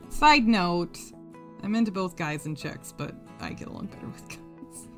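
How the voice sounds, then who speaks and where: A woman's voice: lowish voice, big pitch swings, a little slow, a bit bright. A woman hosting a casual craft live stream, reading chat messages aloud, laughing often and swearing freely. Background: faint guitar music.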